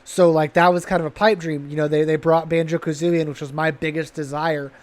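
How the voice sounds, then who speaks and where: A high-pitched man co-hosts a gaming podcast in relaxed conversation. He rambles with enthusiasm, often breaking off and restarting his sentences, and his tone stays loose and chatty. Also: fairly quick. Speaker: podcast co-host. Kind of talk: casual chat.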